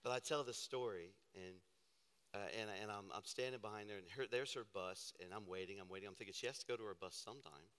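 A man preaching a sermon, telling a personal story with animated, self-deprecating humor in a church auditorium. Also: fairly low pitch, fast, smooth. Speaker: pastor. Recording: hall reverb.

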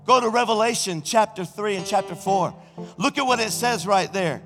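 A middle-aged senior pastor, preaching an exuberant sermon and shouting praise in a church sanctuary. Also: male voice, high-pitched, a little fast, soft background music. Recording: reverberant church hall.

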